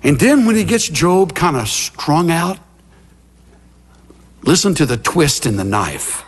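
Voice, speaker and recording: Man, middle-aged, pastor, conversational sermon, lively swooping delivery, big hall reverb. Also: fairly high pitch, slow, slightly rough. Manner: animated storytelling, acting out scenes with gasps and asides. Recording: long reverb of a large hall.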